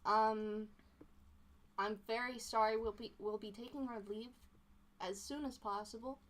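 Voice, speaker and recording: A woman's voice: fairly high pitch, steady tone, measured pace, a bit bright. Polite, hesitant woman player. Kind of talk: in-character game table talk.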